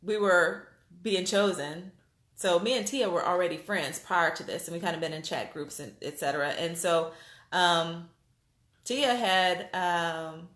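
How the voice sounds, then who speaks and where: A woman vlogger telling a story to her viewers in a casual, animated way, with lots of fillers and restarts. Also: fairly low pitch, unhurried. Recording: roomy echo.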